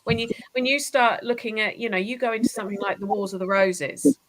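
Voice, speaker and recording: A woman's voice: medium pitch, a little fast, rough recording. Enthusiastic English woman historian guest. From southern England. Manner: enthusiastic, animated storytelling. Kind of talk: casual interview chat.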